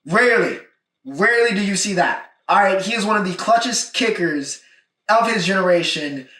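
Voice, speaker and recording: A man's voice: sits high, animated, normal speed, sharp tone. Casual man recapping football, echoey room. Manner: casual, emphatic, repeats points with "all right?". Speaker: podcast host. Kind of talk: solo sports recap podcast. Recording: echoey room, mic at a distance.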